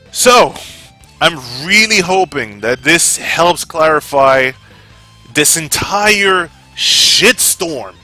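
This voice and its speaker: A man vlogging about gaming in a heated, profane rant that flares up, then calms into casual sign-offs. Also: on the high side. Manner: heated, profane, gets fired up. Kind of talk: opinion rant to camera.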